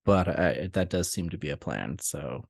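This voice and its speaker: A young man co-hosting a podcast, chatting casually and laughing often as he tells animated stories. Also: a bass voice, normal speed, vocal fry, no echo, clean studio sound. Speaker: podcast co-host. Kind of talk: casual chat.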